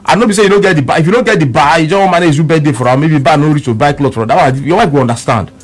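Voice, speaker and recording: Speaking rapid-fire in a slightly high voice, a man with a Nigerian Pidgin accent relates a story over the radio. He hammers points home through repetition and acts out the quoted exchange from each side of a dispute.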